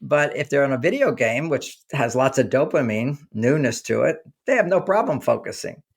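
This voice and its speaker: A male author chatting as an interview guest, telling lively stories and slipping into the voices of the people in them. His voice has a gravelly, creaky texture at a middle pitch, and his talk rambles with frequent restarts. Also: moderate pace. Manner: animated storyteller acting out quoted dialogue.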